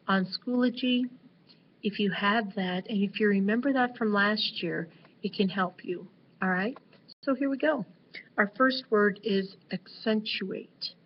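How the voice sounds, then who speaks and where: A woman teacher talking through a vocabulary lesson, slow and deliberate with many ums and uhs. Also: medium pitch. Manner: slow, deliberate, with frequent fillers. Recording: dull lo-fi recording with faint noise.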